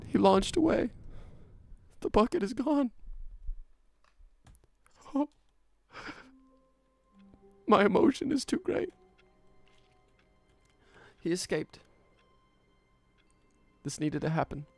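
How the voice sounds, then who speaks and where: A man's voice: high-pitched, big pitch swings, slow, gravelly, long pauses, darkish tone, faint music behind, voice pushed up, full character voice. Man putting on a weepy British melodrama voice. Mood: melodramatic grief. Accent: British, put on. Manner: overwrought, gushing, sobbing theatrics. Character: tearful melodramatic young man losing his bucket.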